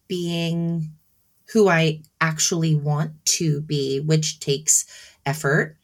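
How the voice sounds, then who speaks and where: A chatty woman from Southern New Jersey in her thirties, co-hosting a relaxed podcast chat about motherhood. Her voice sits low for a woman, and she often breaks into laughter while acting out what she says to her kids. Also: slow pace. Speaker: podcast co-host. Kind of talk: casual chat.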